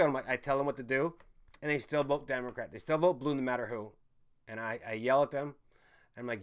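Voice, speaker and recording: A man hosting a live stream, ranting angrily and profanely while reading the chat, swinging from loud outbursts to low muttering. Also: fairly even intonation, a little fast, long pauses. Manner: angry, swearing, swings from shouting to muttering.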